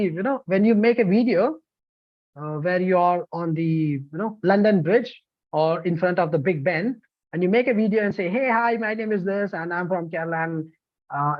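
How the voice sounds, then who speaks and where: A man, a language-teaching trainer, presenting an online course in an animated, emphatic way with frequent fillers. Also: high voice, dry recording, dull audio. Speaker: TEFL trainer.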